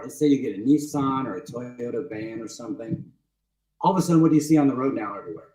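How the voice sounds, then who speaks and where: A man with a slightly high voice teaches a webinar outdoors, pressing his points and asking his listeners rhetorical questions. He sounds roomy and echoey, well away from the mic. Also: darkish tone, distant mic. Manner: insistent, repeats his points, asks the audience rhetorical questions. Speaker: webinar presenter walking through his book. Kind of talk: emphatic teaching talk. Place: outdoors with trees behind him.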